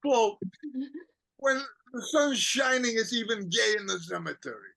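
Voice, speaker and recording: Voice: mid-range voice, animated, a little slow, vocal fry, pushed and bright, heavily acted. An actor reading the part of a bitter, mocking aging count who laughs at himself and breaks into tears, in an amateur play reading. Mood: despairing.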